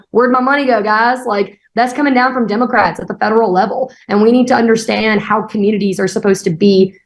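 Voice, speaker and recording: Young woman, party chair guest, earnest, quick talker, fillers and restarts. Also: medium pitch, creaky. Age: young adult. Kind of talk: political interview.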